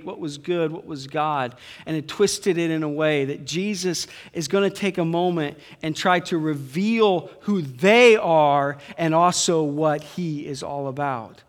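A man preaching a sermon, emphatic, dropping to quiet asides and building to loud high peaks. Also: measured pace, hardly any pauses. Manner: emphatic preaching, swings between soft low asides and loud high climaxes. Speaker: pastor. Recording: long hall reverb.

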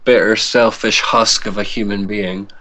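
Low-voiced guest with faint background hiss. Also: male voice, fairly even intonation, measured pace. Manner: playful mock insults, swears. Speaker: podcast guest. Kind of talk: casual chat.

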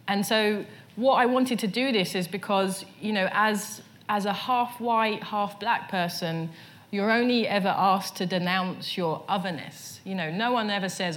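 A woman's voice: mid-range voice, normal speed, a bit bright. A woman, speaking as the guest in a casual onstage conversation and telling stories with lots of "you know" fillers. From England. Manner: storytelling, many "you know" fillers and restarts. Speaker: artist, interview guest. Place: stage before a live audience.

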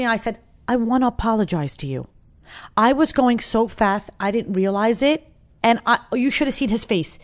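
A woman's voice: fairly high pitch, expressive, moderate pace. A woman in casual chat, telling rambling, self-deprecating stories with lots of restarts.

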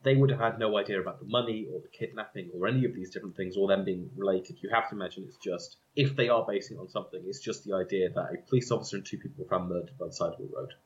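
A man co-hosting a film podcast, talking quickly in a casual, filler-heavy way. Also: deep voice. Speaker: podcast co-host. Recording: dull lo-fi mic.

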